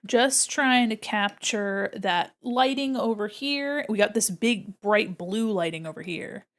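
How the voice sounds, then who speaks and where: A woman's voice: mid-range voice, slow pace. A young woman chatting casually to her livestream chat while she draws, giggling often and reading out viewer messages. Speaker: streamer.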